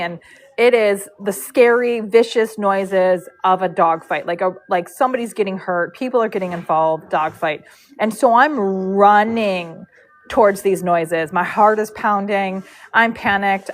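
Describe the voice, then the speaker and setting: A woman recounts a story on a casual livestream. Her delivery is animated and rambling, and she often fills pauses with "um" and "like". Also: mid-range voice, a little hiss or hum, rough recording. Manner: animated, rambling, with frequent fillers. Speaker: horse braider and live streamer.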